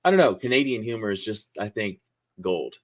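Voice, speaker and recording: A man hosting a casual live-stream chat, talking in an upbeat, rambling way with many pauses and fillers. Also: on the low side, animated, a crowd in the background. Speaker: host.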